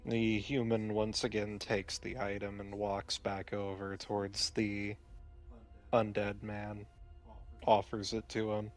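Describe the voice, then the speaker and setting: Guy running a tabletop game, low voice, takes his time, soft music under it. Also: monotone, takes it slowly. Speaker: storyteller.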